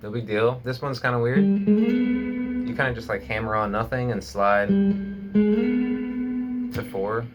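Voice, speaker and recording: A man giving a casual guitar lesson at home, joking and laid-back, with slow speech full of fillers. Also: fairly low pitch, steady tone. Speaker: guitar teacher. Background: guitar playing.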